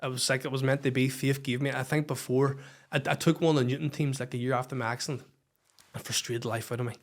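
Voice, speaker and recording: A man with a Northern Irish accent, a football coach guesting on a podcast, telling a story in a lively, swearing, casual way. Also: medium pitch, fast talker. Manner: animated, swears freely, acts out heated quotes.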